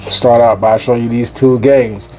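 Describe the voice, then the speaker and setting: A man's voice: medium pitch, little pitch movement, moderate pace, dark tone, soft background music. A man with a Jamaican accent, chatting casually as host of his own gaming vlog in a laid-back, slangy way. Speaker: gaming YouTuber.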